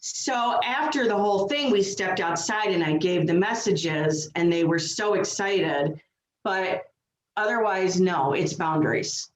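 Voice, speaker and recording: A woman medium telling stories in a casual interview, lively and full of acted quotes. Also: mid-range voice, unhurried, slight background noise. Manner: animated storytelling with acted quotes. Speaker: medium, guest. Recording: roomy, dull lo-fi sound.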